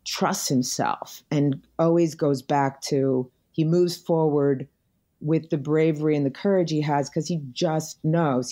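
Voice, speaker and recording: A middle-aged American woman in an interview, telling personal stories in a reflective, earnest way. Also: deep voice. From United States. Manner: reflective storytelling, warm and earnest. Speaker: podcast guest. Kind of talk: conversational interview.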